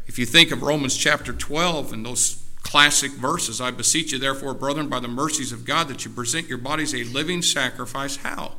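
A male preacher with a very bright, forceful voice delivers a sermon. He reads scripture references in a measured way, then drives his points home with rising, shouted emphasis, and slips into relaxed, joking asides with the congregation. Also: mid-range voice. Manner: drops to a casual, joking tone with the congregation.

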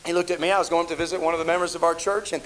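A man's voice: fairly high pitch, flat delivery, racing, a bit bright, a little hiss or hum, poor audio. A middle-aged man preaching a sermon as a pastor, telling stories in a rambling way with many restarts. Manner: rambling anecdotal delivery with frequent restarts. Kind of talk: storytelling sermon.

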